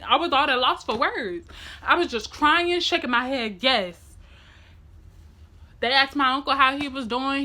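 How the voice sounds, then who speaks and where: A young woman, telling a personal story in an animated, demonstrative way. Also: fairly high pitch. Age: young adult. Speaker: vlogger. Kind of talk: emotional storytime.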